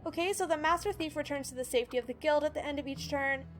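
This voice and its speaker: A woman's voice: high-pitched, fast, faint music behind. A woman hosting a let's play, chatting casually as she explains the controls and reads the tutorial text aloud. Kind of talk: casual gameplay commentary.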